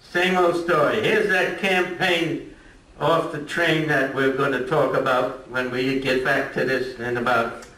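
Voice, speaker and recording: A man's voice: mid-range voice, fairly even intonation, unhurried, bright, forceful tone. An older man giving an informal history lecture, chatty and joking with his audience. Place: lecture room at a retirement community. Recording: echoey room from a distant mic.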